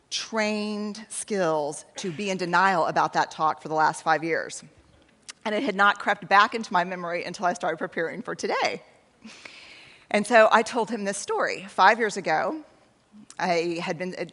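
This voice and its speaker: A woman's voice: on the low side, normal speed, fairly bright tone. A woman in her forties with a Texan accent, telling a self-deprecating story in a conversational keynote talk and acting out bits of dialogue. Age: 40s. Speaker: researcher and speaker. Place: large hall on stage. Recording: reverberant hall.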